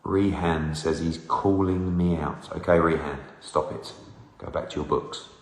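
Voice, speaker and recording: A man's voice: extremely low pitch, fairly even intonation, a little slow. A man in his forties, hosting a live Q&A and teasing fans as he reads out their comments. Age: 40s. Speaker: host answering fan questions. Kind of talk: live casual Q&A. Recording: roomy with long reverb.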